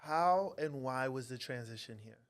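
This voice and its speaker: A man hosts a relaxed interview, asking curious, friendly questions. His voice is clean and smooth, with an ordinary middle pitch for a man. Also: moderate pace. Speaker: host. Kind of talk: casual interview chat.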